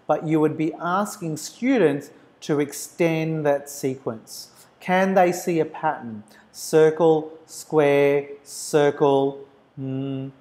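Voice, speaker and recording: A man's voice: on the high side, a little mellow. A man giving a recorded university lecture, explaining step by step and chanting rhythm syllables.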